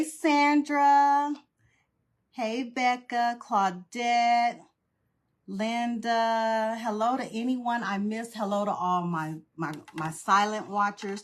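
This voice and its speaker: A woman hosting a live craft stream, chatting casually with viewers and greeting them by name. She talks in an informal, nervous-but-friendly way. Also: medium pitch. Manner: informal, uses "y'all" and "girl". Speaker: craft livestream host.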